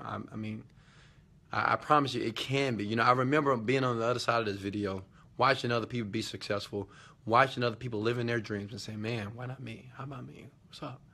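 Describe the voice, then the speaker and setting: He has a mid-range, fairly bright voice and hosts a casual live motivational talk built around viewer questions. His delivery is emphatic and preachy, packed with rhetorical questions and slang asides, and he often checks in by asking "okay?".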